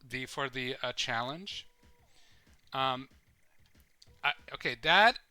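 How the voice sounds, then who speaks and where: A man's voice: medium pitch, lively intonation, a little slow, long pauses, bright, forceful tone, clear, resonant tone, no room sound, faint music behind. A man rambling casually and swearing as he plays and comments on a live game stream. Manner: rambling, swears casually, thinks aloud while playing.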